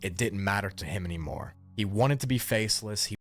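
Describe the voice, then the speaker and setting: A man narrating a scripted mystery video as a YouTuber, with a measured, reflective delivery. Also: lowish voice, fairly bright tone.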